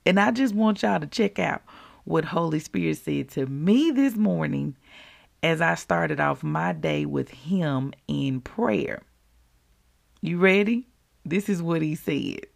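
A woman hosting a podcast, giving a casual, preacherly faith devotional in an animated, folksy way. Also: low-pitched, slow pace, vocal fry. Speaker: podcast host.

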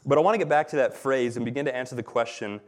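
A man's voice: medium pitch, racing. A man preaching a sermon in a church, explaining scripture earnestly with touches of light humor. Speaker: pastor.

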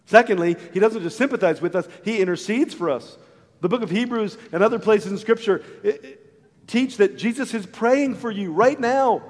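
Middle-aged pastor guy preaching, higher pitched, gets loud then goes real quiet, sounds like a big echoey church. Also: normal speed. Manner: earnest, swings from loud to hushed; acts out voices in a story. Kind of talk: sermon.

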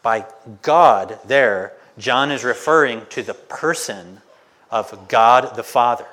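A male pastor preaching a slow, emphatic Bible-teaching sermon in a church, stopping for rhetorical questions. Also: medium pitch, fairly bright tone.

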